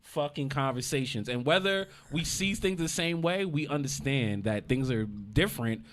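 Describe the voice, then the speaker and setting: A man's voice: mid-range voice, expressive, normal speed, a bit bright, a little hiss or hum. A man with a New York-New Jersey urban accent co-hosting a casual podcast, laughing often and making his points earnestly and with emphasis. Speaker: podcast co-host. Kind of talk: casual banter.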